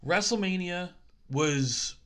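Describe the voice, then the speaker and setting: A man co-hosting a podcast in casual chat, easygoing, halting with fillers and laughing often. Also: sits high, a bit bright, clear, resonant tone. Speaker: podcast co-host.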